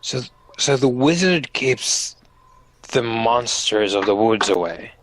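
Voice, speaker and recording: A man's voice: medium pitch, animated, slow, a bit bright, low-quality recording. A man playing a tabletop game, describing his character's actions through frequent giggles. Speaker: player.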